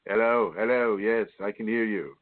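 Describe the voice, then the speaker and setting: Guy preaching on a call-in radio show, tinny phone sound, animated, laughs a lot. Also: fairly low pitch, normal speed, no echo. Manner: animated, mimics whiny voices, laughs often. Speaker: radio show host and spiritual teacher. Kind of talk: spoken teaching on an internet radio show. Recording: tinny phone line, dry.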